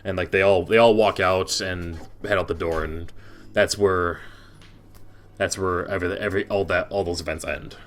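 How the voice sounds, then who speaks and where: A man's voice: low-pitched, steady tone, normal speed, a bit bright, soft background music. A young man narrating a tabletop game as game master, rambling with many restarts and fillers.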